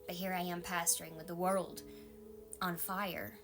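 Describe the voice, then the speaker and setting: A woman pastor with a Southern accent, giving a calm, maternal devotional sermon and often dropping into a soft whisper. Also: fairly low pitch, a little slow, creaky, over music.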